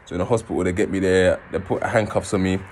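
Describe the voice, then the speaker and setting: A man, casually telling his own story in an animated way, swearing and acting out scenes. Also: sits low, fast, slight background noise. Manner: animated, swearing, acts out scenes in raised voices.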